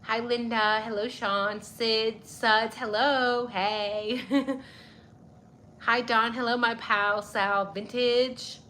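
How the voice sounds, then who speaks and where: A woman's voice: on the high side, steady tone, very slow, pushed and bright, slight background noise. A young woman hosting a casual livestream, greeting viewers by name and swearing freely, a little stuffy-nosed. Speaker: livestream host. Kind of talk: casual livestream chat reading viewer comments.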